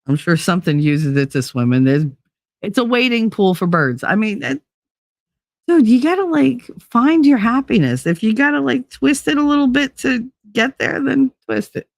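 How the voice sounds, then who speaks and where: A woman hosting a livestream, chatting casually with her viewers, animated, swearing freely and laughing often. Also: on the high side, moderate pace, vocal fry, no room sound, studio quality. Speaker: livestream host.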